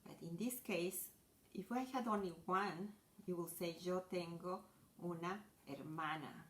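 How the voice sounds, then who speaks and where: A woman teaching young children, speaking very slowly and sounding out every word with care. Her voice sits a little low. The room around her rings with echo. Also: fairly bright tone. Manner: slow, patient, over-enunciated teaching. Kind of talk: children's language lesson.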